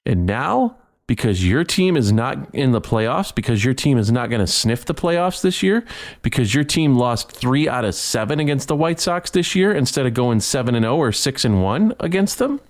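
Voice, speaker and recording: A man's voice: medium pitch, big pitch swings, moderate pace. Heated man ranting on a sports podcast. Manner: heated, repetitive, stumbling over words. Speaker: podcast host.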